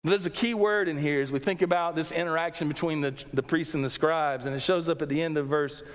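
Man preaching, slightly high voice, conversational sermon style with restarts, recorded in an echoing hall. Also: fairly even intonation, brisk. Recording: long hall reverb.

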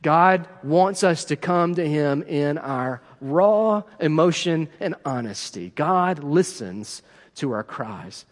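Middle-aged man preaching, kinda high voice, earnest and repetitive, big echoey church. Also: lively intonation, slow pace. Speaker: pastor. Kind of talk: sermon. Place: church sanctuary. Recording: long hall reverb.

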